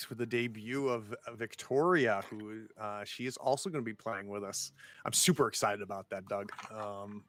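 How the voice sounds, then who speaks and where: A man's voice: fairly low pitch, a bit bright, dry recording. A man hosting and running the game, wrapping up the show in an upbeat, chatty way. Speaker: game master and host. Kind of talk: casual show outro with plugs.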